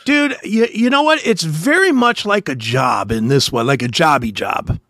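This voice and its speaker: A man hosting a podcast, telling army stories in a casual, profane way and loudly acting out the people he quotes. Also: on the high side, normal speed, no room sound, studio quality. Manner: animated, swearing, acts out quotes loudly. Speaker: podcast host, former soldier. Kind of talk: casual storytelling chat.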